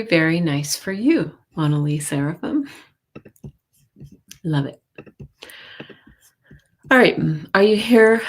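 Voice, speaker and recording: A woman hosting a live stream of tarot readings, talking in a chatty, hesitant way with many fillers and soft laughs, reassuring her viewers. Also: sits low, vocal fry. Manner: warm reassuring intuitive tone. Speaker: intuitive reader, stream host.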